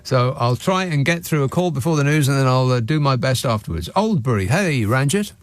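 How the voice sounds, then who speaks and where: A man's voice: mid-range voice, animated, fairly quick, dry recording. A man hosting a late-night radio phone-in, chatting in a dry, sardonic way with mocking asides. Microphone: studio microphone.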